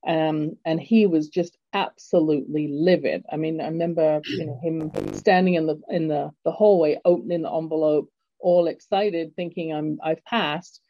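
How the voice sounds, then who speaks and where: A woman's voice: low-pitched, fairly even intonation, moderate pace, no room sound. A middle-aged English woman hosting an interview, telling a personal story in a reflective way. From England. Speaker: host. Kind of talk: interview conversation. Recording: dull lo-fi dry sound.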